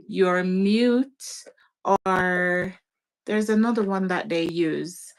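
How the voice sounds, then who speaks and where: A woman talking in an unhurried, casual chat, laughing now and then and dropping in patois phrases. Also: mid-range voice, poor audio. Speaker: guest parent.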